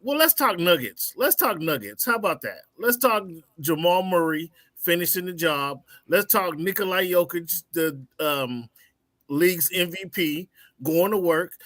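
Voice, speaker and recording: A man's voice: sits high, expressive, a little slow, a bit bright, no room sound. A man joining a sports podcast as a guest, chatting in a laid-back way. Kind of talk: casual sports talk.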